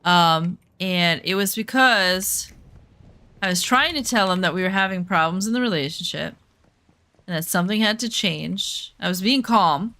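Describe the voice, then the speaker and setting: Her tone is sharp, her pitch fairly low and her pace moderate as she recounts something from her own life mid-game. The streamer doesn't hold back, cursing openly and performing the lines she said in past fights.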